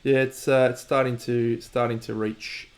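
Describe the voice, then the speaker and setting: A man's voice: mid-range voice, flat delivery, normal speed. A man with an Australian accent, casually chatting to viewers on his stream while painting, joking and mock-boastful, swearing freely.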